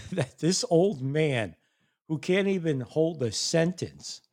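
A man's voice: a little high, animated, slow, darkish tone. A man ranting angrily to his viewers, swearing a lot and laughing in disbelief. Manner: angry, profane, incredulous, laughs in disbelief. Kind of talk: profane political rant.

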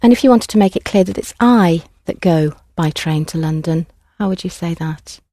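A woman teaching a language class, prompting students clearly and patiently. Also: on the low side, moderate pace, dark tone, no echo, studio quality. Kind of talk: classroom instruction.

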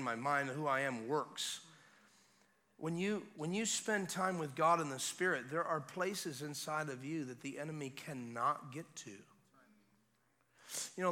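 A man preaching a revival sermon as guest preacher, retelling a scene in an animated way with casual asides. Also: fairly high pitch. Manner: animated storytelling, acting out scenes; conversational asides.

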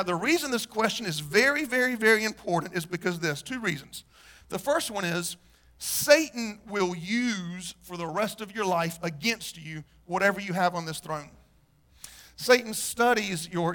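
High-voiced man preaching emphatically. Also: sharp tone. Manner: emphatic preaching with repeated questions; clears throat often. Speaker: pastor. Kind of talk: sermon.

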